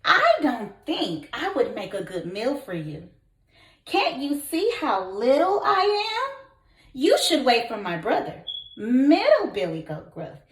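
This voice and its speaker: A woman's voice: a little high, wildly swooping pitch, a little slow, reverberant, low-quality recording. A woman voicing a small, timid but clever young billy goat in a storybook read-aloud, pleading in a sweet little voice.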